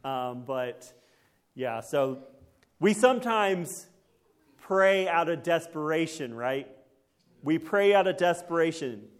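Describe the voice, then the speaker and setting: A man preaching a conversational sermon in a folksy way, often checking in with the congregation through quick tag questions. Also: fairly high pitch, lively intonation, clean tone.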